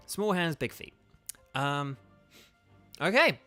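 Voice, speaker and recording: A man giving casual commentary over a video game stream, his voice animated and bouncing between high and low. He mixes playful asides with in-game text read aloud, and faint music sits in the background. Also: moderate pace. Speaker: gaming streamer and voice actor.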